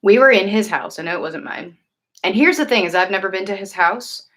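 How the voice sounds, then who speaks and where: A woman's voice: medium pitch, fairly quick. A woman hosting a casual livestream, talking earnestly and rambling with many fillers and restarts. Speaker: livestream host and tarot reader. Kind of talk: casual livestream chat answering viewers.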